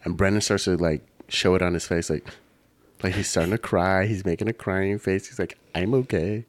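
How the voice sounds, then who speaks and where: A man's voice: deep voice, a little fast. A man casually recapping a movie with friends, swearing freely and acting out lines. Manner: profane, animated retelling with quoted lines. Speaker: podcast co-host.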